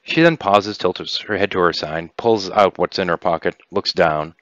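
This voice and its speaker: A man narrating as game master in a relaxed, rambling way. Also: sits low, moderate pace, few pauses, no echo. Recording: dull dry lo-fi recording.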